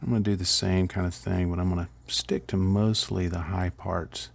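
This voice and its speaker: A man's voice: deep voice, little pitch movement, normal speed, creaky. A middle-aged man casually rambling through a miniature painting tutorial, chuckling at his own slips.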